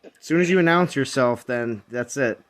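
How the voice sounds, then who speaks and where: A man's voice: medium pitch, moderate pace. A man hosting a casual game stream, chatting and teasing his friends on voice chat and talking through his game progress.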